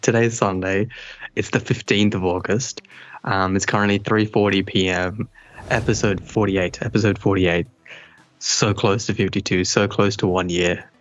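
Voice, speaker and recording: A young man co-hosting a podcast in casual chat, talking emphatically with lively jumps of incredulity. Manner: animated, emphatic disbelief, pitch jumps up. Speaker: podcast co-host. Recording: dry dull sound with faint music.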